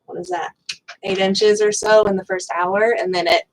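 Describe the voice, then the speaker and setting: A woman guest on a health talk explains birth calmly and matter-of-factly. Her voice is at an ordinary mid pitch, and she is steady and informative. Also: moderate pace, a little hiss or hum, low-quality recording. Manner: calm, explanatory, matter-of-fact.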